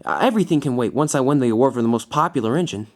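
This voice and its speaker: A man voicing an eager, boastful young male tank engine, talking in a halting way full of filler words. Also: mid-range voice, expressive, a little mellow, lightly acted.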